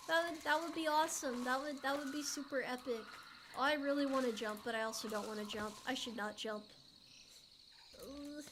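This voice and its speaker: A woman's voice: sits high, noisy background. A woman from the United States streaming a game, chatting casually and playfully, often giggling and reading out chat messages. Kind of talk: casual live-stream chat while gaming.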